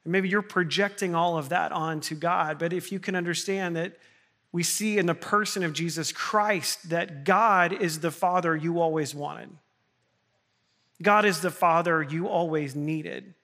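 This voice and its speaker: A man's voice: a little high, a little slow, pushed and bright. A man who is a pastor, preaching a sermon in an earnest way that builds to impassioned appeals.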